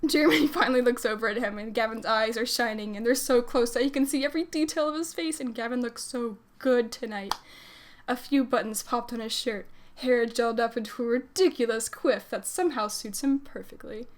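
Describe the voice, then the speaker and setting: A woman streamer reads fanfiction aloud on a livestream in a loose, casual way. Her voice sits fairly high, and she giggles and breaks off for chatty asides between passages. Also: a little fast, slight background noise.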